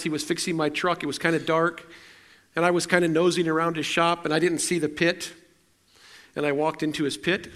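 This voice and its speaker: A middle-aged man with a fairly high voice delivers a storytelling sermon. He talks to the congregation in a loose, conversational way, often restarting sentences and poking fun at himself. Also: a bit bright. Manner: conversational and self-deprecating, with frequent restarts. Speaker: preacher.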